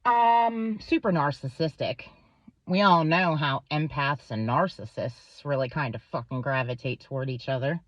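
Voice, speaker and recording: A woman's voice: low-pitched, normal speed, no room sound, dull audio. A woman vlogger in a rambling, profane monologue to camera, full of fillers. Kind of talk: casual ranting monologue to camera.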